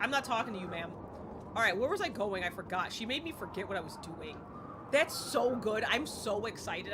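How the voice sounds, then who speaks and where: A young woman live-streaming a game, chatting casually and excitably and breaking into squeals. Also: medium pitch, noisy background.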